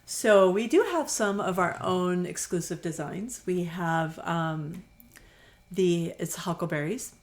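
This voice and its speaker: Low-voiced chatty middle-aged woman. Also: slow pace. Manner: chatty, enthusiastic storytelling with many fillers. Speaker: quilt shop owner, guest. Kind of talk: casual interview conversation.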